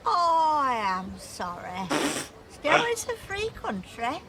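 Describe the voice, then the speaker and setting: An actress playing a prim, haughty wife in a TV sitcom, speaking in a condescending way. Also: female voice, sits high, wildly swooping pitch, slow, heavy background noise, full character voice.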